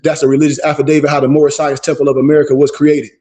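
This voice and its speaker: A man teaching an esoteric knowledge class in an emphatic, repetitive preaching cadence, slowing down to spell out lists. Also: on the high side, little pitch movement, warm tone.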